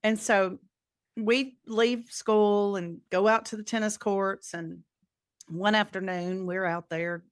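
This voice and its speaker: A woman's voice: mid-range voice, takes it slowly, clean tone, dry recording, studio quality. A middle-aged woman co-hosting a podcast, telling stories in casual chat and acting out the quotes. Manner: animated storyteller, acts out quotes. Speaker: podcast co-host.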